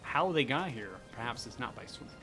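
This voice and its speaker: A man's voice: medium pitch, big pitch swings, a little fast, music in the background. A man narrating and explaining rules as game master in a tabletop game, hesitant and correcting himself as he goes. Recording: noisy background.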